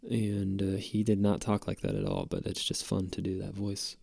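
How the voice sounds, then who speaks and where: A man's voice: lowish voice, monotone, moderate pace, gravelly, darkish tone, no room sound, studio quality. A man hosting a podcast, telling a rambling, jokey story with plenty of swearing. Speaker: podcast host. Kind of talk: casual storytelling monologue.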